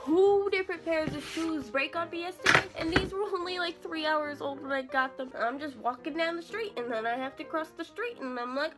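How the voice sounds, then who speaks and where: A woman's voice: high-pitched, animated, fairly quick, few pauses, music in the background. A young woman chatting casually in her bedroom, rambling and poking fun at herself as she films on a phone. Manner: chatty, rambling, self-mocking. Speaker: vlogger. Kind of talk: casual vlog chat.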